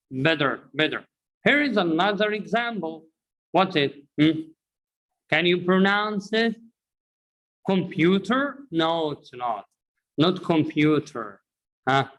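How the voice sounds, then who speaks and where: Man, Egyptian accent, Arabic native speaker, English teacher, quizzes viewers, repeats himself, fairly high voice. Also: fairly bright tone, poor audio. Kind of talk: online language lesson.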